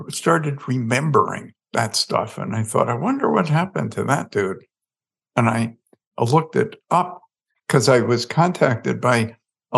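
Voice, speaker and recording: A man, a podcast guest, telling a story in an animated way and acting out the dialogue. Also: medium pitch, vocal fry, husky. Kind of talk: storytelling in an interview.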